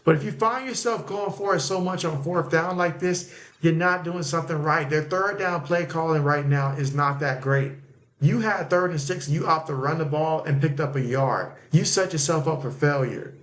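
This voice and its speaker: Chatty man calling a game live, slightly high voice. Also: normal speed, fairly bright tone. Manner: loose and conversational, many fillers, reacts to plays as they happen. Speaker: livestream sports host. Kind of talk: casual live game commentary and chat reading.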